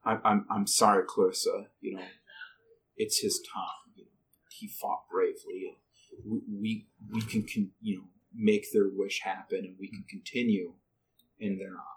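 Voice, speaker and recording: A man voicing a calm goblin-like male creature who speaks softly and hesitantly to comfort someone. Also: on the low side, normal speed, pitched below the performer's own voice, lightly acted. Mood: consoling. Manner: soft, soothing, hesitant. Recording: distant mic, faint background noise.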